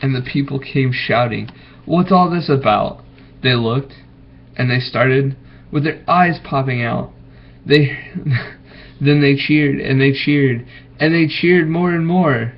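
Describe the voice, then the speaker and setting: Man slowly reading a bedtime story. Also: medium pitch, steady tone, creaky. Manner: gentle, pausing to ask the children questions. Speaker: parent reading to children. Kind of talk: bedtime story read aloud. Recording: dull lo-fi recording.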